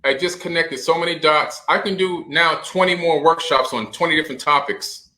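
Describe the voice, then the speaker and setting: A middle-aged man hosting a podcast in casual conversation, reacting with excited exclamations and frequent agreement. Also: a little high, moderate pace, rough recording. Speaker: podcast host.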